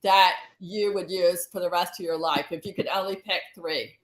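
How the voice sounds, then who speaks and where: A woman hosting a casual interview, upbeat and quick to laugh. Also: lowish voice, steady tone, roomy sound, rough recording. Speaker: host.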